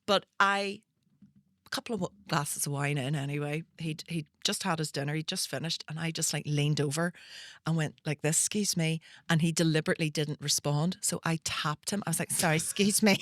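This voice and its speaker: A woman's voice: deep voice, a little fast, dry recording, clean studio sound. A Northern Irish woman, a comedian hosting a podcast, telling comic stories in casual chat and acting out the people in them. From Northern Ireland. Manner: animated storyteller acting out voices, swears freely.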